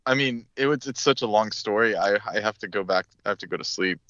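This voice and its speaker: A man's voice: on the low side, a bit bright, no room sound, lo-fi sound. Tired, hesitant male caller. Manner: halting, hesitant phrasing. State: tired from lack of sleep. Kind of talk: casual call-in chat.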